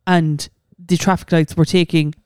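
A podcast co-host, giving dry, quick reactions in casual chat. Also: medium pitch, level tone, clear, resonant tone, no room sound.

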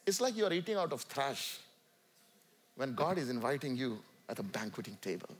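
A man with an Indian accent preaching a sermon to a church congregation, swinging from loud calls to quiet asides. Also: mid-range voice, big pitch swings, a little fast, a little hiss or hum. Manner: emphatic, rising and falling between loud calls and quiet asides. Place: church sanctuary.

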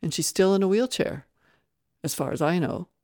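A reader voicing Mike, a steady male ranch owner who explains things in a level way. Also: high voice, moderate pace, vocal fry, dry recording, studio quality. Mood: explaining.

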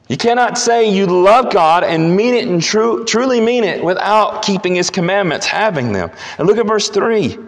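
A male pastor preaching a sermon, emphatic and building to repeated declarations. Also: sits high. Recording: long hall reverb.

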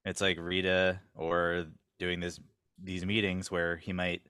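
A man's voice: deep voice, monotone, takes it slowly, sharp tone, clear, resonant tone. A man co-hosting a podcast, chatting casually with frequent laughter and side comments. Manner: laughs often, chatty asides. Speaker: podcast co-host. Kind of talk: casual recap chat.

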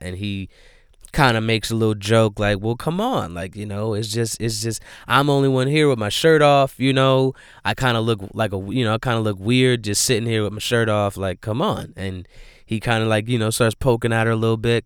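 A man retelling a movie plot in a loose, rambling way, piling on "like" and "you know" as he goes. His voice sits low and smooth. The sound is dry and close, with no room echo, and he sounds earnest and emphatic about what he watched. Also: steady tone, moderate pace. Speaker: movie reviewer. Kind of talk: casual movie recap.

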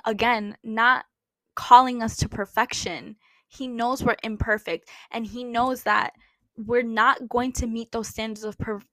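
Woman doing her faith podcast, kinda high bright voice, rambles with lots of "like", super dry close sound. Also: no room sound. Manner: earnest, rambling with many "like"s. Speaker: podcast host. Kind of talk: casual faith podcast monologue.

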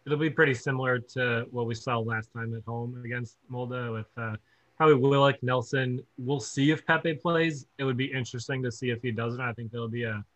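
Bright-voiced joking podcast co-host man. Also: medium pitch, steady tone, dry recording, poor audio. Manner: joking, quick asides. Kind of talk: casual football podcast chat.

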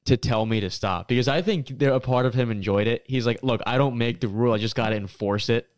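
A man's voice: medium pitch, fast talker, clear, resonant tone, dry recording, clean studio sound. A man co-hosting a casual sports podcast, talking in an easygoing way with frequent restarts. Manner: easygoing, repeats words and restarts. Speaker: podcast co-host.

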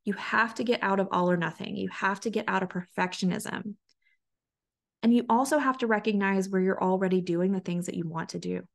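A woman's voice: mid-range voice, steady tone, brisk, creaky. Earnest woman podcast host, coaching. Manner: earnest, conversational, with frequent restarts and quoted inner voices. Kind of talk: solo podcast monologue.

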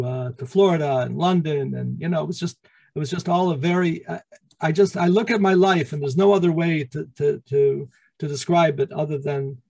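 A middle-aged man, a rabbi, telling his life story in an interview, halting with many restarts. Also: fairly high pitch, a little mellow, no echo, poor audio.

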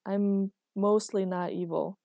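A woman narrator voices a frank, literal-minded young woman who keeps asking innocent questions. The tone stays warm and mellow, recorded close and dry. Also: medium pitch, a little fast, dry recording, close to an everyday voice. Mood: curious.

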